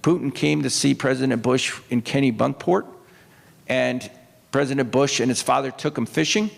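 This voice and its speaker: Long hall reverb fills this recording of a creaky, medium-pitched man speaking at a normal speed. He's a retired Navy officer and author on an opera house stage, giving a storytelling talk full of rambling anecdotes, restarts, and quoted voices.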